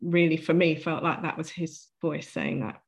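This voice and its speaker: Earnest woman guest, lowish voice. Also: lively intonation, normal speed, vocal fry. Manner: earnest, vivid retelling with acted-out quotes. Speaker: interview guest. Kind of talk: personal storytelling in an interview.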